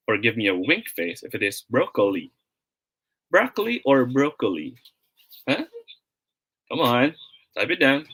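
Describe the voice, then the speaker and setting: Young Filipino male teacher, Filipino accent, bright and cheerful, live online class host switching between English and Tagalog. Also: mid-range voice, rough recording. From Philippines. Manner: upbeat, mixes English and Tagalog, greets viewers by name.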